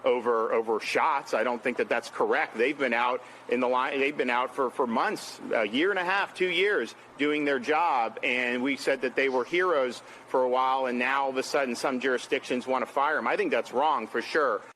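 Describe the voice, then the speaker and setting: A man's voice: mid-range voice, normal speed, hardly any pauses, a bit bright, a little hiss or hum. A man speaking as a governor, giving a firm, plain-spoken public statement.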